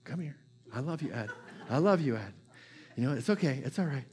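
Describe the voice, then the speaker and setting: A male pastor voicing God as a gentle, loving presence, speaking softly and reassuringly in a sermon. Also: mid-range voice, animated, brisk, breathy edge, soft background music. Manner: soft, tender, reassuring.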